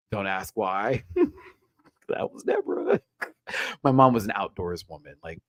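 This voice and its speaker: A man hosting a casual show recap, telling a personal story with lively, rising excitement. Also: slow, no room sound. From Texas. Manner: animated storytelling, jumps high when excited. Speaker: show host.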